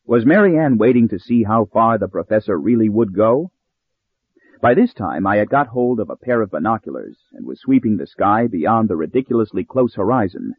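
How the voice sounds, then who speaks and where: Husky man narrating a story. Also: lowish voice, big pitch swings, normal speed, no echo. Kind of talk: audiobook narration. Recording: narrow phone-like sound.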